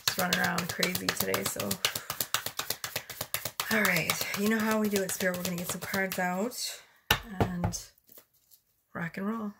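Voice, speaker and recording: A woman's voice: medium pitch, steady tone, a little slow, pauses often, very noisy. A woman giving a casual tarot reading, chatty and rambling, a little out of breath. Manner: chatty, rambling, self-correcting. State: slightly out of breath. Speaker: tarot reader.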